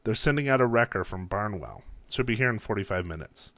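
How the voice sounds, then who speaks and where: Man reading cocky young husband, low, dry, banter. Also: expressive, a little fast, a bit bright, dry recording. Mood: patient. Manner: bluffing, playful banter. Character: joking, overconfident young husband.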